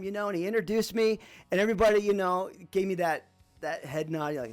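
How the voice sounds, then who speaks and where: A man's voice: high voice, a little fast, faint music behind. Rambling man telling a personal story. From Arizona. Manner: relaxed, rambling, lots of fillers. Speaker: podcast host.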